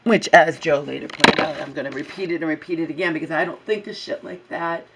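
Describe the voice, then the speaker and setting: A woman's voice: sits low, a little fast, far from the mic, background noise. A woman vlogger in an angry personal rant about a bad day, agitated, swearing and repeating herself.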